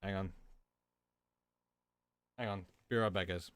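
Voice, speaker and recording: A man's voice: sits low, steady tone, slow, a bit bright, dry recording. Rambling man, partly American accent. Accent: mixed, partly American. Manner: rambling, casual, swears freely. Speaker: streamer. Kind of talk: late-night gaming stream chat. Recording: noisy with game gunfire.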